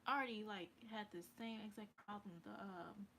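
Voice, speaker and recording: A woman's voice: mid-range voice, normal speed, gravelly, a bit bright, slight background noise. A woman vlogger telling a story in casual chat, full of fillers and sometimes dropping to a whisper. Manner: chatty, with many fillers, drops to a whisper at times.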